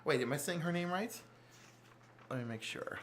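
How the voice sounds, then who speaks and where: A man with a notably high speaking voice co-hosts a laid-back chat. He gushes and jumps around in pitch as he recaps plots. His energy swings between hushed and loud. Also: normal speed. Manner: animated and gushing. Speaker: podcast co-host. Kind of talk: casual chat.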